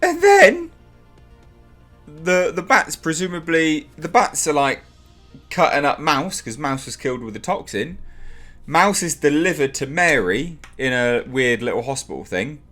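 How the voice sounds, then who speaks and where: A man reviewing a TV show in a ranting vlog, sarcastic and exasperated, swearing and repeating himself for emphasis. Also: a bit bright. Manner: exasperated, sarcastic, mocks characters in high put-on voices.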